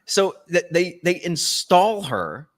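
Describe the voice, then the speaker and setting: Male podcast host, mocking and profane, somewhat high voice. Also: sing-song, takes it slowly. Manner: profane, mocking, laughing often. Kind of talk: casual chat.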